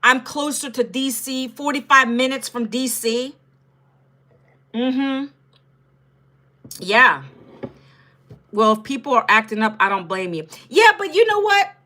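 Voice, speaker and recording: A woman in her fifties from Northern Virginia chats casually on a livestream, speaking directly to her viewers. Her high voice is expressive, bright, and forceful, and she talks a little slowly with long pauses.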